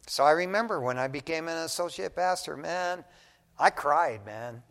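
A man's voice: fairly high pitch, normal speed. Folksy man preaching in reverberant church. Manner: folksy, animated storytelling preacher, says "man" often. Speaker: pastor. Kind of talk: conversational sermon. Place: church sanctuary. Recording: long reverb of a large church hall.

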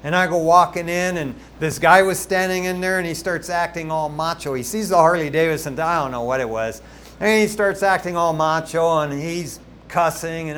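High-voiced, animated male preacher. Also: moderate pace, a little hiss or hum. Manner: animated, conversational storytelling with asides to the congregation. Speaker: pastor. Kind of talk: sermon.

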